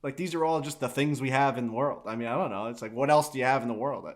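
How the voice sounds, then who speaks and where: A young man co-hosting a podcast, telling stories in casual chat, animated and swearing freely. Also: medium pitch, quick pace. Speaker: podcast co-host.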